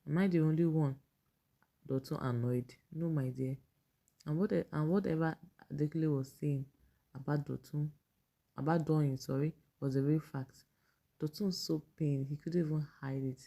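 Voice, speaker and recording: A young Nigerian woman talks through reality-show gossip in a relaxed, mellow voice that sits low and gravelly. She chats casually, laughs a lot and drops into pidgin now and then. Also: normal speed. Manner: chatty, laughs often, mixes in pidgin. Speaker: vlogger. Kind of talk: casual commentary reading fan posts.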